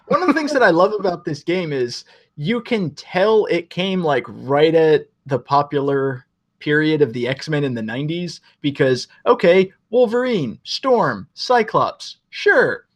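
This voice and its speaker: A man's voice: on the high side, animated, unhurried. A young man co-hosting a podcast, chatting casually and enthusiastically, with some swearing and rambling. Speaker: podcast co-host. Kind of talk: casual chat.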